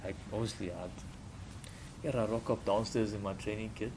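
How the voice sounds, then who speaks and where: South African man, low voice, animated storytelling. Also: brisk, background noise. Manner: animated, acts out quoted voices with laughter. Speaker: podcast guest. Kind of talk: casual storytelling.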